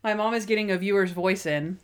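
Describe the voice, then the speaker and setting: A young woman co-hosts a podcast, casually chatting to recap a TV episode, retelling scenes with quoted voices and laughing often. Her medium-pitched voice is brisk, clear, and resonant.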